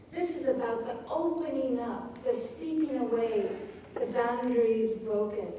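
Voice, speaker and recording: A woman giving a poetry lecture at a festival, reading lines aloud slowly and tapping out their rhythms. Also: a little high, mellow, a little hiss or hum. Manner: slow, reads lines aloud and taps out rhythms. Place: large lecture hall. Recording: echoey hall from far off.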